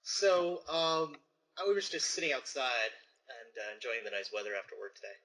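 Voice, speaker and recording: A man's voice: medium pitch, steady tone, normal speed, a bit bright, poor audio. A man co-hosting a casual podcast, telling stories and laughing often as he talks. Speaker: podcast co-host. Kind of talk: casual chat.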